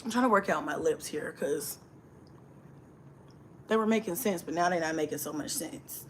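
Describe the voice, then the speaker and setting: A woman's voice: mid-range voice, very animated, unhurried, long pauses. A young woman, hosting a casual livestream, chatting, laughing often and greeting viewers by name. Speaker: livestream host.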